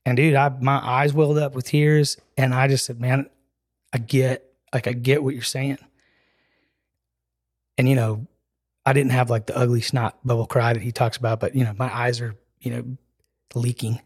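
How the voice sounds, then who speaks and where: An earnest man at a middle pitch, telling his own story to a podcast host. He talks casually and animatedly, slipping into the voices of the people he quotes and scattering "like" and "dude" throughout. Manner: animated storyteller who acts out dialogue with "I'm like" and "he's like"; earnest and emotional, with filler "like" and "dude". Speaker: podcast guest.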